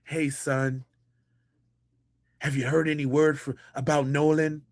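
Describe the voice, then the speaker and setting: A man mimicking a concerned middle-aged father in a slow, soft, folksy voice. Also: on the high side, flat delivery, dry recording, clean studio sound, voice pushed down. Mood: mock concern.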